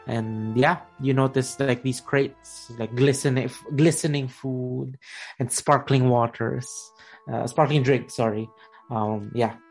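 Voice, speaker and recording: A man's voice: mid-range voice, steady tone, slow pace, slightly rough, soft background music. A man running a tabletop game as game master, narrating with a rambling manner, full of fillers and self-corrections.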